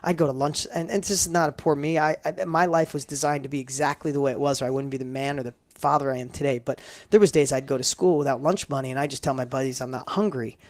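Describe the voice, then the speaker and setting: A man's voice: mid-range voice, steady tone, fast talker, few pauses, darkish tone, no room sound. A middle-aged man telling a personal story as a guest in an interview, emphatic and building up with repeated phrases. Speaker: guest entrepreneur.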